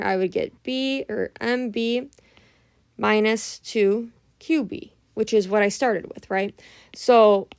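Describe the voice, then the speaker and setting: A young woman teaches math step by step in a relaxed, patient way. She sounds tired, and her slightly high voice often drops into a gravelly fry. She keeps checking whether the class is following along. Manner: patient, explaining step by step with frequent "right?" checks. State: tired, early morning. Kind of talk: casual math tutorial.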